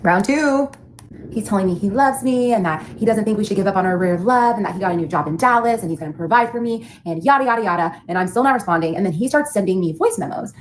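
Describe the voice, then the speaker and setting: A woman telling a personal story in a fast, animated, chatty way. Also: medium pitch, a little hiss or hum, rough recording.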